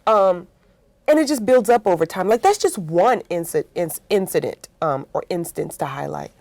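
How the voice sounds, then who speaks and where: A woman's voice: fairly low pitch, normal speed, dry recording. A woman guest in a conversational interview about workplaces, telling stories with acted-out quotes and often adding "right?". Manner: animated storytelling with acted-out quotes; frequent "right?" tags.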